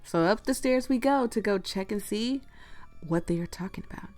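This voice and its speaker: A woman's voice: medium pitch, lively intonation, moderate pace, a little mellow, faint music behind. Rambling giggly woman, voice fading. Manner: rambling, giggly, full of tangents. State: losing her voice. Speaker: gamer playing a story game. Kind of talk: casual commentary and reading aloud.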